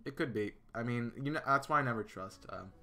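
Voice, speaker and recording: A man with a mid-range voice streams a game live and chats casually with his viewers at a brisk clip. He answers the chat with plenty of fillers and restarts while music plays in the background.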